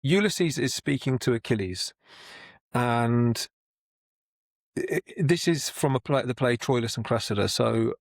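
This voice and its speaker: A man's voice: mid-range voice, animated, measured pace, vocal fry, no echo, clean studio sound. Chatty man explaining verse rhythm. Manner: conversational, many restarts and repeated words, chants rhythm aloud. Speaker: Shakespeare explainer. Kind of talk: casual explanatory talk to camera.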